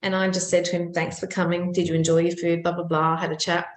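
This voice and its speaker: Animated woman telling a story. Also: fairly low pitch, quick pace, roomy sound. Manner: lively, animated retelling with laughs. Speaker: podcast co-host. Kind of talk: casual storytelling chat.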